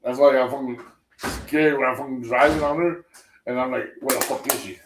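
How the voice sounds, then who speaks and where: A man on a casual livestream, his voice at a middling pitch. He speaks bluntly and profanely in halting bursts, sitting back from the mic in an echoey room. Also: steady tone, distant mic, very noisy.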